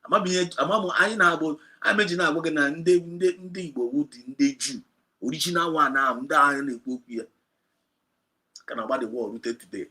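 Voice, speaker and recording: A man with a Nigerian accent preaching a sermon, switching between Igbo and English and building to loud, emphatic peaks. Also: a little high, fast talker. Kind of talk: sermon retelling a Bible story.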